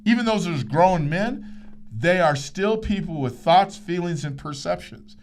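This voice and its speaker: A man's voice: high-pitched, unhurried, a little hiss or hum. A man hosting a motivational podcast, telling a story and acting out the dialogue. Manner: animated, acts out quoted dialogue. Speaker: podcast host, sports psychologist.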